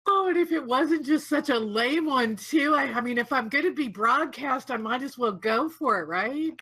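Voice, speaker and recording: A woman playing a tabletop game online, chatty and apologetic, quick to laugh at herself. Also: high voice, expressive, pushed and bright, slightly rough, low-quality recording. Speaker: player. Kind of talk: casual tabletop game play.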